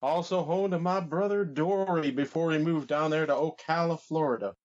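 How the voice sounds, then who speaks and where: A man's voice: a little high, moderate pace, darkish tone, highs cut off, natural voice. A man doing an impression of a rambling old wrestler with a folksy drawl, on a comedy podcast. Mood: blustery.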